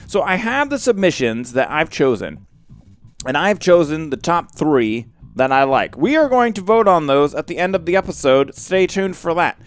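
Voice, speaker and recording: A man hosting a casual game commentary, chatty and excitable and quick to cry out in surprise. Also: fairly high pitch. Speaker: let's play host.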